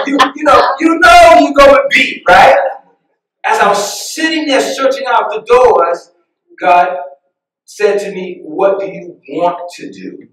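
A man preaching a sermon as pastor, telling personal stories in an animated way, often laughing at them. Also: high-pitched. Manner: animated, laughs at his own stories, acts out voices. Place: church sanctuary. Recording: very echoey church room, mic far off.

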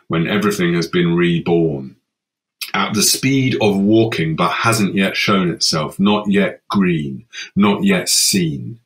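A man performing his own poetic text on a festival stage, moving from brisk sarcasm to hushed, slow gravity. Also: sits low. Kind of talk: dramatic spoken-word performance. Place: festival stage, live audience.

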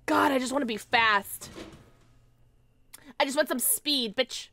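A woman streamer giving excitable, jokey live gameplay commentary, quick to laugh. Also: high voice, gravelly.

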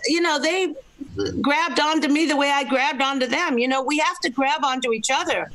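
An older woman, a film critic, talks freely in a relaxed interview. Her speech is chatty and full of quips and laughs. She is from Los Angeles. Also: sits high, moderate pace, poor audio. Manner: chatty, laughing, self-deprecating humor. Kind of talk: casual interview chat.

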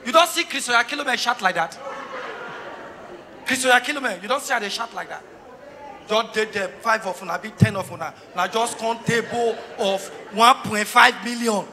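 A man with a Nigerian Pidgin English accent doing live stand-up comedy, teasing the crowd and breaking into sudden shouts. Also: extremely high pitch, moderate pace. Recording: reverberant hall sound.

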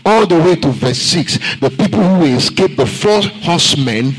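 A pastor with a Nigerian accent preaches a sermon emphatically, dropping quick asides to check in with the congregation. His voice is a little high, animated and husky, on a rough recording.

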